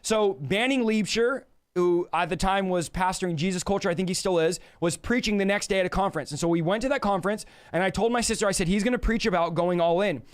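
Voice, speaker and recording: A man's voice: high-pitched, quick pace, smooth. A man in his thirties from California telling his personal faith testimony, acting out the quoted dialogue with animation. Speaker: guest sharing a testimony.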